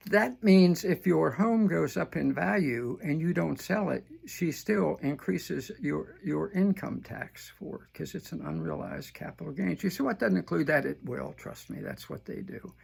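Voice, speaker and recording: A man's voice: a little high, animated, a little slow, vocal fry, few pauses, breathy edge. An older man giving a scornful, mocking political rant, often repeating himself as he heats up. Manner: scornful, mocking, repeats words when heated. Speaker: political commentator.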